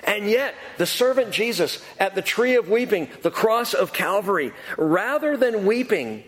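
A man's voice: sits high, animated, a little slow, hardly any pauses, fairly bright tone, in a large hall. A man preaching a sermon, working through scripture with an emphatic delivery and repeated key phrases. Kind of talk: expository sermon.

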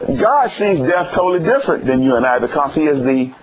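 A man preaching a sermon, asking the congregation questions and swinging between high exclamations and low emphatic words. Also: sing-song, fairly quick. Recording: dull lo-fi recording with faint noise.

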